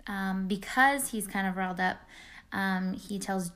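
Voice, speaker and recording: A woman's voice: mid-range voice, measured pace, fairly bright tone. A woman in her thirties casually recapping a TV episode, rambling with many fillers. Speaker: recap vlogger.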